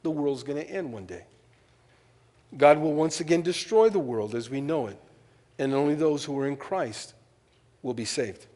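A man's voice: fairly high pitch, lively intonation, moderate pace, long pauses, mellow. Preacher man in a reverberant hall. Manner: reads scripture then adds joking asides. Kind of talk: sermon with scripture reading.

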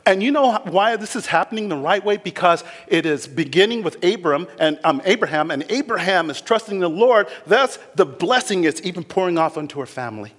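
A man preaching a sermon as pastor, animated, acting out scripture figures with laughter. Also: sits high, big-room sound.

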